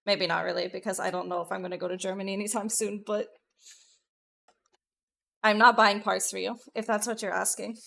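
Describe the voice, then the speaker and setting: A woman VTuber streamer chatting casually with her live viewers, excitable and profane, jumping between loud bursts and muttered asides. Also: medium pitch, fairly quick, vocal fry, long pauses.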